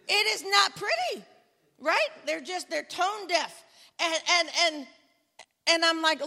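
Bright, high woman preaching in a hall. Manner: emphatic, building to loud exclamations; conversational storytelling with self-talk asides. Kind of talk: sermon. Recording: long hall reverb.

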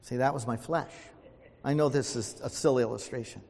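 A man's voice: mid-range voice, steady tone, brisk, gravelly, a little mellow, slight background noise. Older male preacher, homespun illustrations, asks the room for amens; recorded in a reverberant sanctuary. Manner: folksy storytelling, calls for amens. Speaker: pastor. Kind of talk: sermon. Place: church sanctuary. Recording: long hall reverb.

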